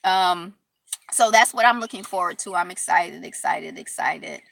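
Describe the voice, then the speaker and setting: A woman hosting a casual live stream, chatting in a rambling, upbeat way and closing with warm affirmations. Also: fairly low pitch, moderate pace, creaky. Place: Detroit.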